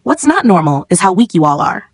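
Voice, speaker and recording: A woman reading the lines of a cold, contemptuous male substitute chemistry teacher in a storybook narration, calm and clipped. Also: on the low side, a little fast, dry recording. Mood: cold, mocking.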